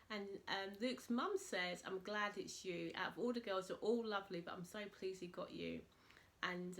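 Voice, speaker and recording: A woman chatting to camera, recapping a reality show and retelling it with animated quotes. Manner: animated retelling, voices quotes in a high excited pitch. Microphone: camera mic, speaking to camera.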